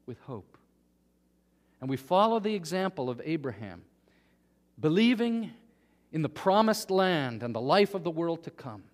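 A man preaching a sermon, earnest, dropping to a hush and then rising to emphatic peaks. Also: fairly high pitch, sing-song, unhurried, long pauses. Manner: earnest, swings from hushed to emphatic. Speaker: pastor. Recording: long hall reverb.

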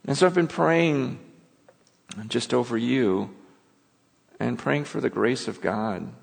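A man's voice: mid-range voice, takes it slowly, gravelly. A man preaching a sermon in an earnest, conversational way, often restarting and stumbling over his words. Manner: earnest, conversational, with many restarts and emotional asides. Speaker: pastor. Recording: long hall reverb.

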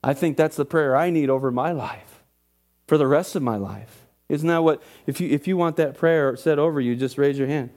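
High-voiced preaching man, lively. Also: moderate pace, soft background music. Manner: lively preaching, rising loud when reading scripture, joking asides. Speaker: pastor. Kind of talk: sermon.

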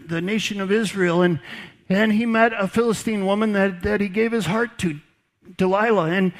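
A man preaching a sermon as pastor, conversational, repeating words and dropping folksy asides. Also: high voice.

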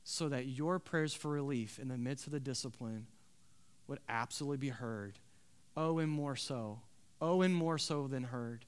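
A man preaching a sermon, building to loud emphatic swells and dropping to quiet, earnest tones. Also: mid-range voice, normal speed, clean tone. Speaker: pastor.

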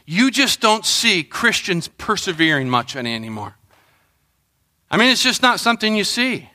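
Man, middle-aged, pastor, sermon, lively storytelling, high pitch. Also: moderate pace. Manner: animated storytelling, acts out quotes and shouts.

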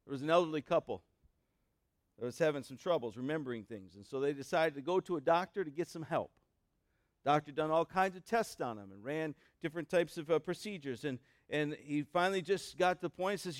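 A man's voice: on the high side, expressive, brisk, dry recording, clean studio sound. A middle-aged man preaching a conversational sermon, asking the congregation questions with many fillers and restarts. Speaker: pastor. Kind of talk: sermon with a told joke.

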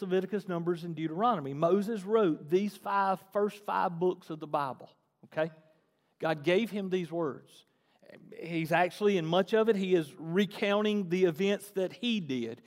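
A male pastor delivers a sermon with a notably high voice. He shifts from forceful, emphatic passages to softer, conversational stretches. A long hall reverb trails his words. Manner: swings between loud preaching and soft asides.

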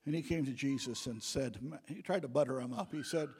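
Husky-voiced preacher in a reverberant church. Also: male voice, fairly quick, hardly any pauses, a little mellow. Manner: preaching with rising, booming emphasis. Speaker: pastor. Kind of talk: sermon. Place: church sanctuary. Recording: long church hall reverb.

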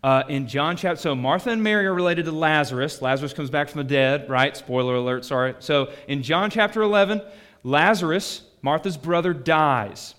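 Animated pastor with a raised voice. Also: male voice, a little high, normal speed. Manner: conversational preaching, rhetorical questions to the congregation; animated, swings between loud bursts and quiet asides. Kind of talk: sermon.

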